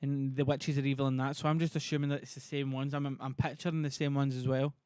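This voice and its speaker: A man's voice: mid-range voice, level tone, fast, darkish tone, clean tone, dry recording, clean studio sound. A man streaming casually, chatty and self-deprecating as he reads a play to viewers. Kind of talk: casual livestream reading.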